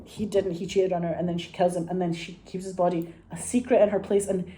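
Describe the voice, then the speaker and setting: A woman's voice: on the low side, level tone, brisk, warm tone. An actress telling a rambling, profane story about a film shoot, laughing often as she talks. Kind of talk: casual anecdote.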